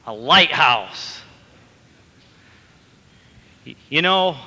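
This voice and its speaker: A male preacher speaks slowly in a bright, forceful voice and tells a story, rising to emphatic bursts. His slightly high voice carries a long hall reverb. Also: animated. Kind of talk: sermon.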